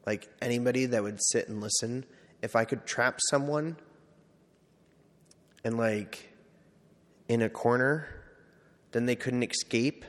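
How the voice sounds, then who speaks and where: A priest giving a casual, self-deprecating personal testimony, full of "like" and quoted asides. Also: male voice, mid-range voice, fairly even intonation, unhurried, pauses often. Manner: conversational, self-deprecating storytelling with many "like"s. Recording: long hall reverb.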